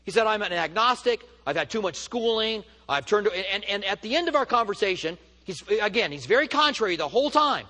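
A man's voice: sits high, lively intonation, a little fast, few pauses, bright, forceful tone, in a large hall. A man teaching a church study, telling stories in an emphatic, rising preaching manner. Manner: storytelling, emphatic and rising when stirred. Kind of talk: sermon.

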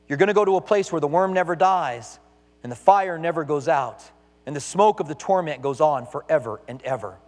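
A male pastor delivers an emphatic sermon full of rhetorical questions, his voice high and swinging widely in pitch. The sound carries a long reverb from the church hall around him.

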